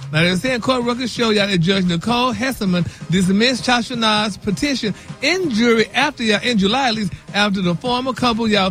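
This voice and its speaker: A man's voice: very high voice, fairly bright tone. A man reading celebrity news on a radio morning show, sassy, dropping "y'all" and "honey" throughout.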